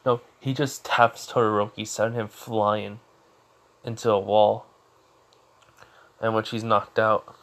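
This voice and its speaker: A man's voice: lowish voice, little pitch movement, unhurried, long pauses, a bit bright. A young man casually telling a fan fiction story off the cuff, rambling with lots of fillers and restarts.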